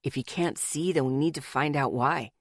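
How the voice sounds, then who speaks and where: A woman voicing a hot-tempered young man who talks blunt and rough, lowering her voice for him. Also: moderate pace, no echo, clean studio sound. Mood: serious.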